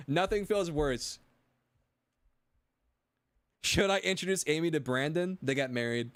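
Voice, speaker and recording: A man's voice: a little high, animated, measured pace, long pauses, a bit bright, no echo. A male streamer telling a rambling story in casual chat, stammering and repeating himself as he goes.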